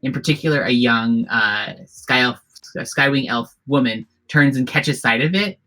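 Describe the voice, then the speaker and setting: Bright, rambling tabletop game master. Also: mid-range voice, normal speed, poor audio. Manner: rambling, heavy with fillers and restarts.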